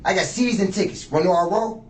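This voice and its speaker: A man in his fifties, questioned as a suspect in an interrogation room, rambles on in a boastful, profane way, his voice sitting high and moving fast. The recording is echoey, with a distant mic and faint noise.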